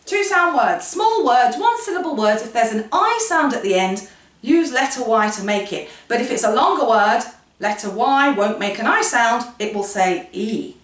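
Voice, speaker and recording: A woman's voice: a little high, normal speed, distant mic. A woman giving a playful phonics lesson to children, telling the letters' sounds as little stories. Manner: playful storytelling, animated. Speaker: phonics teacher. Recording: echoey room, voice a bit off-mic.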